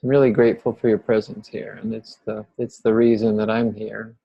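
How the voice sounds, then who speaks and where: Man, gravelly voice, playful laughs, slow spiritual musing, dry close sound. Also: lowish voice, flat delivery, dark tone, no echo, highs cut off. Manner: laughs often, playful greetings, slow reflective phrasing. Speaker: spiritual teacher hosting an online gathering. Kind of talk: casual chat, then gentle spiritual talk. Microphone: video call.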